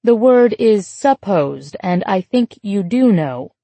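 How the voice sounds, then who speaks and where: A firm, no-nonsense mother who puts pointed questions to her small daughter, as a woman reads her in an audiobook. The tone is warm and mellow with a breathy edge, and the recording is close and dry. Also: mid-range voice, animated, takes it slowly, no echo. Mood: stern. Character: brisk adult mother scolding her daughter.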